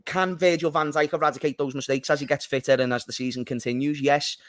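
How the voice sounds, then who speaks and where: A man's voice: fairly high pitch, fairly even intonation, fast talker, no echo. Give me a chatty man hosting a football podcast with a dry, close sound. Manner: chatty, teasing banter. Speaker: podcast host. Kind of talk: casual football talk show.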